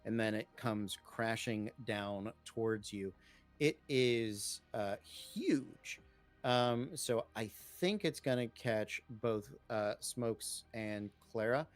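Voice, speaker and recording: A man's voice: lowish voice, slow, faint music behind. A man running a tabletop game as game master, giving matter-of-fact rulings and vivid narration.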